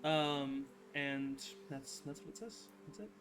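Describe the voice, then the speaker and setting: A man narrating as game master of a tabletop game, halting and full of fillers and self-corrections. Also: fairly high pitch, fairly bright tone, soft background music.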